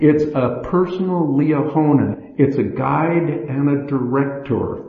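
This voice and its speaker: A man giving a sermon, measured and storytelling, acting out the inner voices he describes. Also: medium pitch, vocal fry. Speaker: church speaker. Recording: echoey hall, dull lo-fi sound.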